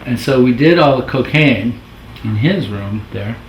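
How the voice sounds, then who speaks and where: A man's voice: mid-range voice, lively intonation, unhurried. A middle-aged man, a former video editor, telling casual anecdotes in a rambling, self-correcting way. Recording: roomy with faint noise.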